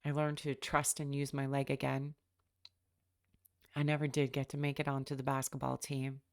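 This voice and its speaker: A woman's voice: very deep voice, completely flat delivery, moderate pace. A middle-aged woman hosting a podcast, telling a personal story in a reflective, wry way and acting out the people she quotes. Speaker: podcast host.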